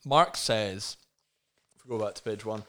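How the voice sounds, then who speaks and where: Casual male comedy co-host, low voice, laughing and animated. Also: a little slow. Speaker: podcast co-host.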